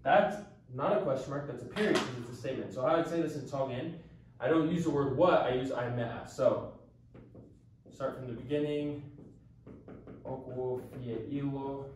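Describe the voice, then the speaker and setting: A man's voice: mid-range voice, brisk, background noise. Male language teacher, casual and hesitant, strong room echo, mic set back. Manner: relaxed, explains with many ums and restarts. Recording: echoey room, mic at a distance.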